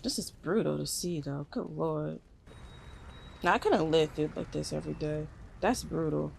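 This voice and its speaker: A woman's voice: deep voice, normal speed, creaky, a little mellow, slight background noise. A woman hosting a reaction video, talking in an emotional, slangy way. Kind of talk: casual reaction commentary.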